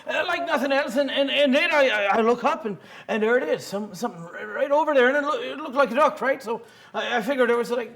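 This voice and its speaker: A young man playing a rambling, excitable fisherman in a student comedy news skit, full of fillers and chuckles. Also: very high voice, creaky, full character voice. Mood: excited. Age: young adult. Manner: hesitant, full of fillers, chuckling, quick to get worked up. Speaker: interviewee.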